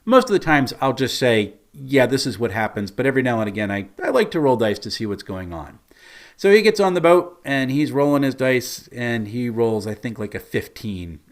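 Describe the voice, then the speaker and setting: A man recounting his tabletop campaign as the game master. His pitch moves a lot as he tells the story, and his voice sits in a middle register. He narrates in a lively, storytelling way. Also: moderate pace.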